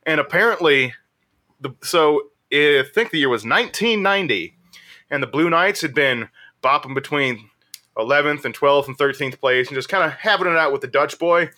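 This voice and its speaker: A man's voice: fairly high pitch, moderate pace. A man co-hosting a podcast, telling a rowdy, profane anecdote in casual banter. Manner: profane, animated storyteller. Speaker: podcast co-host.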